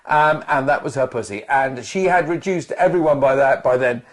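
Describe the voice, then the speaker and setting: A man's voice: mid-range voice, normal speed. A man co-hosting a podcast, telling a long anecdote in a rambling way, full of restarts and asides. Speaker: podcast co-host.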